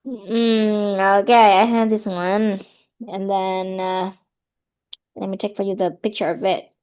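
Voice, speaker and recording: A woman's voice: medium pitch, steady tone, takes it slowly, darkish tone, clear, resonant tone. A woman, tutoring English over a video call and giving patient, corrective feedback. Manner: patient, corrective, repeats "okay?" often. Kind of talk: feedback in an online speaking lesson.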